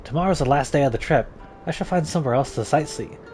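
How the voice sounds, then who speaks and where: A man's voice: a little high, fast, a little mellow, soft background music. A young man casually commenting on a game he plays, chatty and joking, reading text aloud. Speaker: streamer. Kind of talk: casual let's-play commentary.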